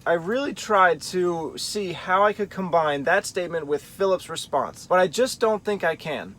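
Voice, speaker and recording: A man's voice: high voice, expressive, normal speed, fairly bright tone. A man teaching a Bible study, thinking aloud and carefully weighing different readings of the text. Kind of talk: explanatory Bible study talk.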